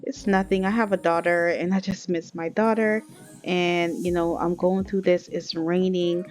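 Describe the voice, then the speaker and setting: A woman's voice: on the low side, flat delivery, normal speed, darkish tone, close to an everyday voice. A woman voicing a young pregnant woman who is homesick, shy and self-conscious, in a casual chatty way. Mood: wistful.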